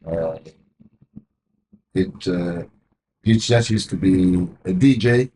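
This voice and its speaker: A man's voice: low-pitched, slow pace, dark tone, slight background noise. A Zambian man with a Zambian accent, a comedian and MC, talking casually in an interview with many fillers and "you know"s. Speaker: guest, comedian and MC.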